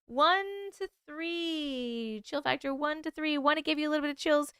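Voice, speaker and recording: A woman's voice: high voice, normal speed, fairly bright tone, no echo, studio quality. Sleepy, chatty woman streamer. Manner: chatty, yawning, reacting to chat with swearing and laughs. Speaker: livestream host reading viewer stories. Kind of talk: casual livestream chat.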